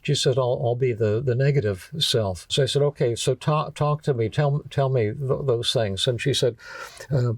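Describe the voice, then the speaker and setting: Speaking in a mid-range voice, picked up dry and at a distance from the mic, an elderly psychiatrist recounts a tale about a patient. His storytelling is halting, with frequent stumbles and repeated words.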